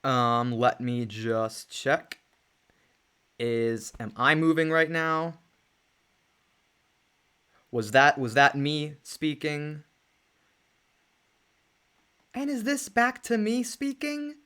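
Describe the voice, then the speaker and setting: A streamer chatting through a live game stream, moving between excited exclamations and mumbled asides. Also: medium pitch, takes it slowly, pauses often, smooth. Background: faint lo-fi music.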